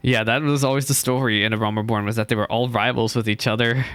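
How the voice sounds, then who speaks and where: A man's voice: mid-range voice, steady tone, fast, a bit bright, clean tone, no echo. A young man casually chatting over gameplay and reading dialogue aloud, sleepy and apologetic. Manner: chatty, apologetic, yawning and drowsy in the morning. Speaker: gaming YouTuber.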